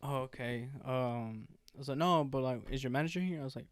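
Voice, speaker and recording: A man's voice: medium pitch, quick pace, no room sound. A young man co-hosting a casual podcast, telling stories between laughs and acting out what people said. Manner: laughing storyteller, acts out quotes. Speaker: podcast co-host. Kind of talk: casual chat among friends.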